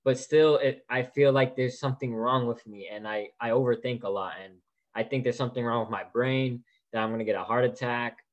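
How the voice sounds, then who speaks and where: An eighteen-year-old man calling into a video call forum, soft-spoken and hesitant, describing his worries. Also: mid-range voice, steady tone, a little fast. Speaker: caller.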